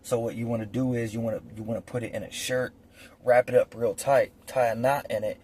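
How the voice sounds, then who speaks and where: A man's voice: mid-range voice, steady tone, fairly quick, a little mellow, slight background noise. Blunt, profane man telling stories. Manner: blunt and profane, rambling with fillers. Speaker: storyteller recounting prison life. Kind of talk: casual storytime monologue.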